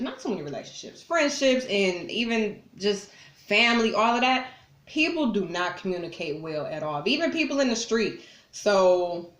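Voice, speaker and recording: Woman, vlogger, casual talk to camera, blunt, profane, acts out quarrels, mid-pitched voice, echoey room. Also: fairly bright tone. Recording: roomy echo.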